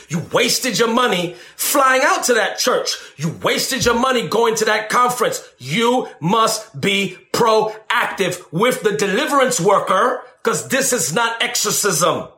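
High bright preacher guy, super animated, echoey room. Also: measured pace. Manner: animated preaching, mimics shouting and tongues, calls listeners baby. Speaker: deliverance minister. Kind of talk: sermon.

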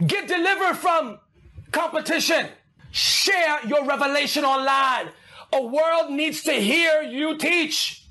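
A man preaching an energetic sermon, excitable, often shouting and laughing, calling his listeners "baby". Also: very high voice, takes it slowly.

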